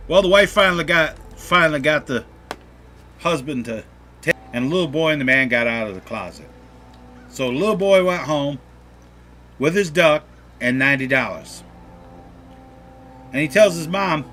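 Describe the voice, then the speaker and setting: A man hosting a gaming channel, telling a joke in a relaxed, folksy way over gameplay. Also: fairly high pitch, moderate pace, long pauses, faint music behind. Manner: folksy, relaxed storytelling with restarts.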